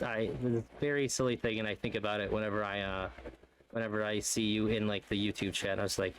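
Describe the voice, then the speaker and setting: A young man interviewing a guest in casual chat on a voice call, halting and full of fillers and restarts, swearing casually. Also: medium pitch, a little hiss or hum.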